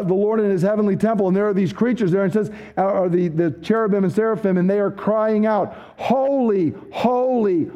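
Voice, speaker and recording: A man preaching a sermon as a pastor, emphatic, dropping low and slow when he quotes scripture. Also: warm tone, lo-fi sound.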